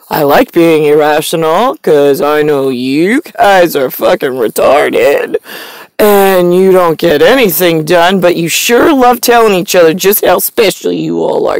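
A woman's voice: on the low side, animated, unhurried, vocal fry, no echo, poor audio. A woman talking to her viewers in a meandering, stream-of-consciousness monologue full of ums and restarts. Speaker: vlogger. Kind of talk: rambling monologue to camera.

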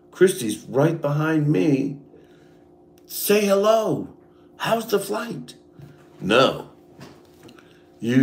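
A man's voice: medium pitch, darkish tone. A man in a bitter, profane rant, talking straight at someone who is not there. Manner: profane, bitter, speaks straight at an absent person. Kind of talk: angry personal rant. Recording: echoey room.

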